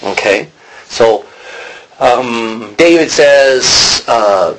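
Husky man teaching a Bible study. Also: medium pitch, slow pace, low-quality recording. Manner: animated, acts out quotes, asks the class questions.

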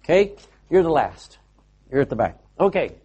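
A man preaching to a gathered audience in a fervent, urging way. His voice sits a little high and sounds husky. He calls out and directs volunteers between points. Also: very animated, moderate pace, mellow, dull audio. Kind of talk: sermon. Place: hall with a live audience.

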